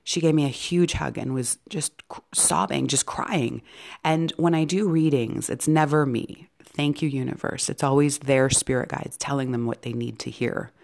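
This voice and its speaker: A woman hosting an inspirational podcast, talking in an encouraging way and often dropping into soft, whispery asides. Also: extremely low pitch, moderate pace, creaky. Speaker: podcast host and psychic medium.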